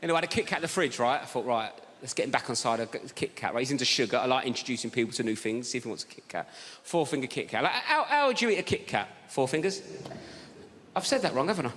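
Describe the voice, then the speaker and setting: A man doing live stand-up, excitable and quick to laugh at his own slips. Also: mid-range voice, a little hiss or hum. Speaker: stand-up comedian. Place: large theatre stage. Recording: live stage, loud audience.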